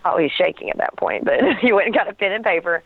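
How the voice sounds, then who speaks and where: A woman guest telling a personal story in a lively way, laughing often and acting out what she and others said. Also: fairly low pitch, fast talker, dry recording. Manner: animated storytelling with laughs and acted quotes. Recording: tinny phone line.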